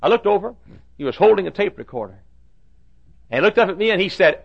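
An older man, a pastor, telling a story from the pulpit with halting restarts and bursts of loud preaching. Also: mid-range voice, expressive, vocal fry. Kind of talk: sermon storytelling. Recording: dull lo-fi sermon recording.

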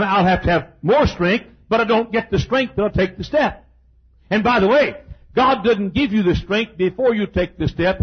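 An older man preaching a sermon, emphatic, with stammered restarts and shouted peaks. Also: high voice, husky, highs cut off.

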